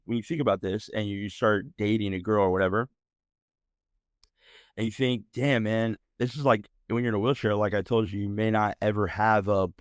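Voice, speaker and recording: American guy in his 30s, podcast host, swears a lot, slangy rambling, lowish voice. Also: no echo, clean studio sound. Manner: profane, rambling, slangy, mocking outbursts. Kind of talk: casual storytelling monologue.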